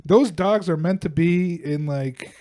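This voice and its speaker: A man's voice: fairly high pitch, mellow. A man co-hosting a comedy podcast, joking and mocking in casual, profane banter. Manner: joking, mocking, profane, puts on quick voices. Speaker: podcast co-host.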